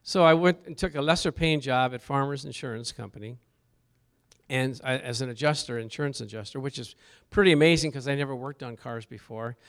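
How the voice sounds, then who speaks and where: Preaching at a brisk clip in a medium-pitched voice, this pastor weaves in personal stories and questions for the congregation. He lifts his emphasis on the key words.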